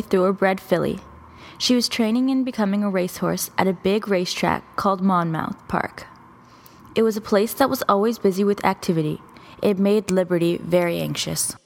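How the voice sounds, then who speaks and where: A woman narrating a children's story in a gentle, even storytelling delivery. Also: medium pitch.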